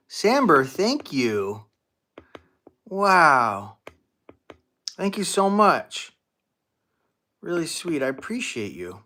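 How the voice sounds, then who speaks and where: Man, livestream host, coaching Q&A, bright tone, casual chat, halting restarts, excited thanks to donors. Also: on the high side. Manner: casual, chatty, many restarts and fillers. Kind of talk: live-stream Q&A, answering viewer questions.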